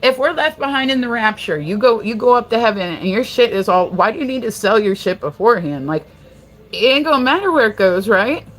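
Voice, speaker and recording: Talking a little fast in a fairly high voice, a woman from Delaware hosts a casual livestream full of swearing and animated rambling. The recording quality is rough.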